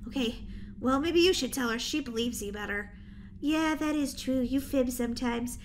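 A woman's voice: high-pitched, moderate pace, slight background noise, pitched below the performer's own voice, close to an everyday voice. A woman voicing a sensible, bossy teenage sister who talks in a dry, teasing way in a roleplay voiceover. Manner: matter-of-fact and teasing.

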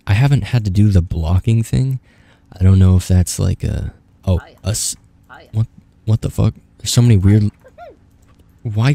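A man's voice: on the low side, dark tone. A young man giving casual, profane gameplay commentary, rambling and talking back at the screen. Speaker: gaming YouTuber.

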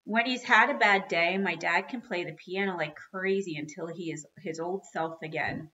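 A woman reads a children's book aloud with expressive storytelling. Her voice is bright and sits a little low. The recording is dull and lo-fi. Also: moderate pace. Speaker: reader.

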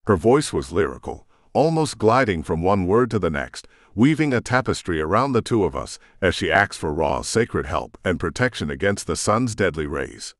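A man's voice: sits low, big pitch swings, normal speed, hardly any pauses, no echo, clean studio sound. A man narrating a romance audiobook in first person with dramatic, intense storytelling.

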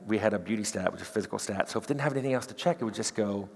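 A middle-aged man giving a fast, animated conference talk, slipping into quick character voices. His voice is low, gravelly and husky. The sound carries a long reverb from a big hall.

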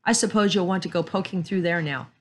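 A woman reading aloud and voicing a sour middle-aged spinster with a shrill, scornful way of talking. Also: quick pace, a little hiss or hum, close to an everyday voice. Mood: indignant.

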